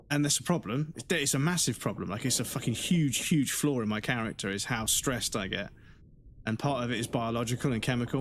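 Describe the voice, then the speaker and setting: Guy on stream ranting, swears a lot, rambles, plain middling pitch. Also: a little hiss or hum. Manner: frank, rambling, heavy swearing. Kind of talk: casual chat while gaming on a livestream.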